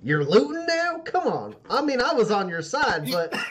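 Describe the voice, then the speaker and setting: Brief: a man doing a scolding, high-voiced woman shopkeeper who haggles hard. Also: sing-song, moderate pace, fairly bright tone, husky, heavily acted. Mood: indignant. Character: exasperated woman shopkeeper, sharp-tongued and bargaining.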